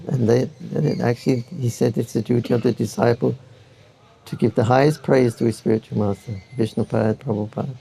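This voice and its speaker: A man's voice: medium pitch, steady tone, brisk, creaky, dark tone, slightly rough. An older man giving an anecdotal spiritual talk to devotees, chuckling often as he tells his stories.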